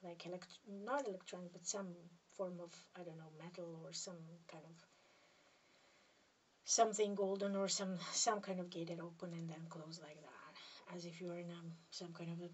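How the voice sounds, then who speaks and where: A woman from Serbia with a Serbian accent, a spiritual healer talking to camera in a hesitant, halting way that keeps dropping into soft near-whispers. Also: fairly low pitch, fairly even intonation, recorded from a distance, a little hiss or hum. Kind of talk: casual monologue to camera.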